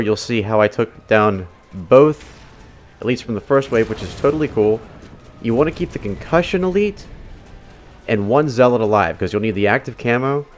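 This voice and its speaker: A man giving casual, step-by-step gameplay commentary as the voice-over for a game walkthrough. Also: medium pitch. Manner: casual, instructive, talks the viewer through each step. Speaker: video game walkthrough narrator.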